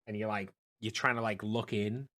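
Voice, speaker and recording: A man's voice: lowish voice, fairly even intonation, moderate pace, bright, forceful tone. A man narrating as game master for a tabletop game, talking loosely with lots of fillers and restarts. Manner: rambling, many fillers and restarts.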